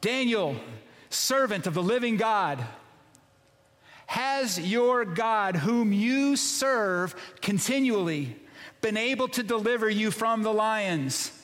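A man preaching, voicing an ancient king who shouts slowly and desperately. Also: mid-range voice, expressive, in a large hall. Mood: anguished. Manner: yelling, drawn-out and desperate.

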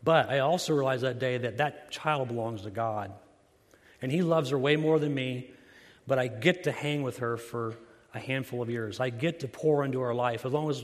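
A man preaching a sermon, earnest, slowing down and softening his voice to stress key lines. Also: medium pitch, in a large hall. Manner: earnest, slows and softens for emphasis. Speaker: pastor.

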